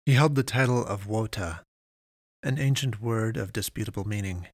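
A man narrating a science fiction story in a measured, deliberate way with long pauses. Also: fairly low pitch, no echo, studio quality.

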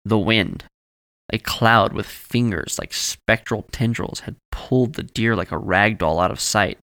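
A male audiobook narrator with a gravelly, creaky texture and a bright, forward tone. He tells the story at a measured pace in a close, dry recording. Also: lowish voice, no echo. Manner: measured storytelling, voices each character. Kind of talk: scripted narration.

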